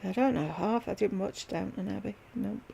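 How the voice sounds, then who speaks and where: This woman speaks in a mid-range voice at a normal speed, creaky and warm with a breathy edge. She's running her own livestream from home, casually chatting with viewers, greeting them by name and rambling from subject to subject.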